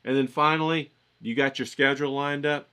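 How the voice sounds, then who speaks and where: A man's voice: medium pitch, fairly even intonation, brisk, sharp tone, smooth. A man giving a casual motivational pep talk to his viewers, hyped and coaxing, with slangy repeated phrases. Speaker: motivational vlogger.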